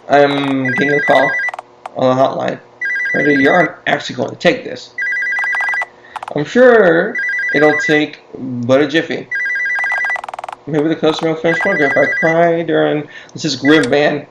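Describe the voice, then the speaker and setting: A man's voice: on the high side, measured pace, gravelly. A man gives let's-play commentary and drops wry, joking asides about the game. The recording has a roomy echo, and game music plays behind him. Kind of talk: gameplay commentary. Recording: echoey room with game music.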